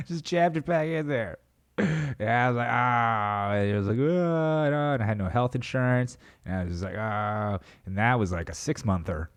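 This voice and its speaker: A man's voice: medium pitch, expressive, a little fast. A young adult man hosting his own podcast, talking in a rambling, self-mocking way and swearing casually. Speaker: podcast host. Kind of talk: casual solo podcast monologue.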